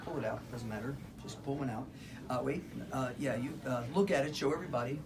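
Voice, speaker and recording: A man's voice: medium pitch, quick pace, noisy background. A man from Philadelphia doing chatty comedy magic patter on stage, joking and laughing through his lines. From Philadelphia, Pennsylvania. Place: live theater show with audience. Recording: distant live stage recording, loud ambience.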